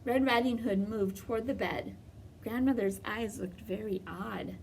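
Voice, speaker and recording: A woman reading a children's storybook aloud in a slow, expressive way. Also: mid-range voice, vocal fry, far from the mic, a little hiss or hum.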